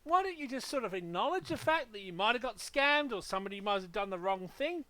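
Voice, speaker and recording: High-voiced man ranting with heavy swearing. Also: animated, quick pace, pushed and bright. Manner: profane, heated ranting. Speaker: gaming channel host. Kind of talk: casual podcast rant.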